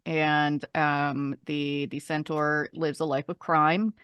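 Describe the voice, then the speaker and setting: Low-voiced woman, dry close sound. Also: little pitch movement, slow pace, fairly bright tone, clean tone, dry recording, dull audio. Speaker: player. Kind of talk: casual podcast chat.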